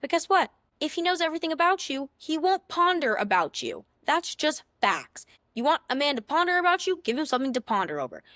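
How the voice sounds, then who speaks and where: A woman's voice: sits high, sing-song, brisk, hardly any pauses, bright, forceful tone, dry recording, clean studio sound. A young woman who hosts a podcast, giving sassy, playful dating advice in a casual big-sister tone. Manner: chatty, sassy, playful big-sister tone, acts out little scenes in other voices. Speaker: podcast host.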